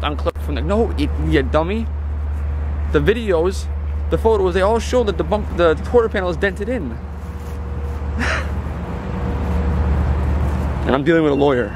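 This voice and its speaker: A man vlogging from his car, ranting in an aggravated way about a dispute. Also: mid-range voice. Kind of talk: ranting vlog while driving. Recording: noisy street traffic behind.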